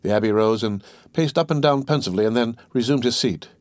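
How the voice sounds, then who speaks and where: A male audiobook narrator reads a classic novel at a measured, even pace. His voice sits at a medium pitch. The recording is close and dry, with no room sound. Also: dry recording.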